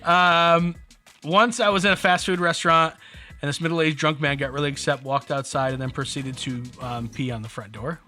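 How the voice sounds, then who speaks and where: A man's voice: on the high side, normal speed, soft background music. A man co-hosting a podcast, chatting casually and telling stories with jokes. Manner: joking, animated storyteller. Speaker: podcast co-host.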